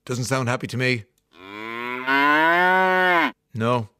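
A man's voice: mid-range voice, little pitch movement, slow, a bit bright, no echo, clean studio sound. A man with an Irish accent hosting a radio show, chatting casually and reading out listener texts with plenty of fillers and restarts. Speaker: radio host. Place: radio studio.

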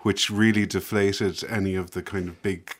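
Reflective low-voiced man. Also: flat delivery, normal speed. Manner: reflective, hesitant, laughs often. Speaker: author and guest. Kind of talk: casual conversation.

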